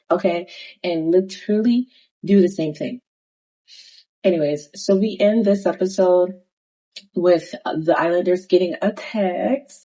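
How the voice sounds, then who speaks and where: In a poorly recorded clip, a young woman with a lowish voice does casual recap commentary on a reality dating show. Her retelling is sassy, animated and slangy, with the cast's lines acted out.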